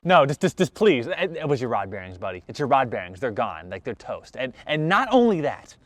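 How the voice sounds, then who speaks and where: A man telling a personal car story in an animated vlog, acting out every side of the exchanges and mocking himself. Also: fairly quick, no room sound, a faint crowd. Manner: self-mocking, jumps in pitch when excited.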